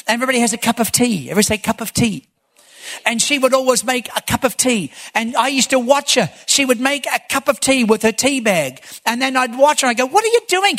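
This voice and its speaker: A male pastor preaching a sermon, telling stories and building to shouted emphasis. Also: extremely high pitch. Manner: preaching with rising, shouted emphasis and storytelling asides.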